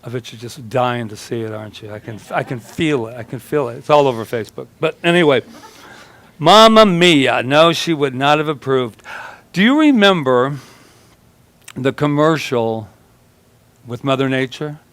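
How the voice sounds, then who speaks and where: A man's voice: mid-range voice, expressive, moderate pace, fairly bright tone, dry recording. A man preaching a conversational sermon at a church service, telling stories in a chatty, joking way and laughing as he talks. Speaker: minister.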